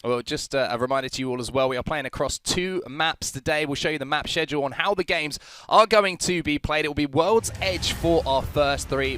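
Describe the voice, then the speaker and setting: A male esports caster calling the action at a quick clip, his voice bright and forceful as he hypes the viewers. He sits a touch high in pitch, with faint music running under him. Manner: upbeat, hyping the audience. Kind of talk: play-by-play commentary.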